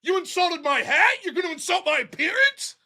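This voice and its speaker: A man's voice: very high-pitched, very animated, fairly quick, sharp tone, voice pushed up, full character voice. A man doing a mocking impression of an indignant male debater who acts offended. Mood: mock outrage.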